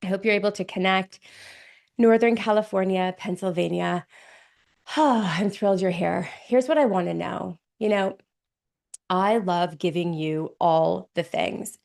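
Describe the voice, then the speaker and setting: A middle-aged woman business coach from Canada, hoarse from a cold, hosting a webinar panel with effusive enthusiasm and talking to her audience in the chat. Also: fairly low pitch, a little slow, darkish tone. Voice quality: raspy.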